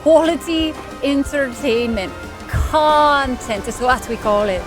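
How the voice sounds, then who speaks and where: A chatty woman talks her way through a video game stream, reacting and answering viewers in a bright, bubbly way. Her voice sits fairly high, and faint game music plays underneath. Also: slow. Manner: chatty, bubbly, chats with viewers while playing. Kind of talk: casual let's-play commentary.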